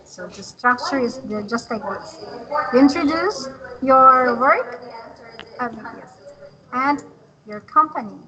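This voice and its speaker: Patient, slow-speaking woman English tutor. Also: high voice, big pitch swings, a crowd in the background, poor audio. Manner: patient, encouraging, repeats words slowly to model them. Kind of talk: online English lesson.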